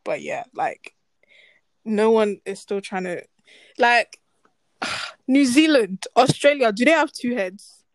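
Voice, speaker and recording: A woman's voice: a little high, animated, takes it slowly, pauses often, dry recording. A young woman co-hosting a podcast, talking bluntly and swearing with exasperation. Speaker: podcast co-host. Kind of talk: casual chat.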